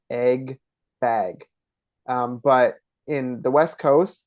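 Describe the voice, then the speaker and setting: A man's voice: medium pitch, no echo. A man from Ontario with an Eastern Canadian accent, chatting as a podcast guest and acting out word pronunciations as he explains them. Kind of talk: casual interview conversation.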